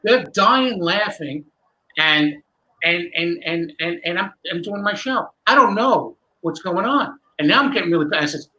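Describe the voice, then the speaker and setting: A man, a magician guest, telling a long animated story with many restarts in a candid interview. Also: high voice, moderate pace, rough recording.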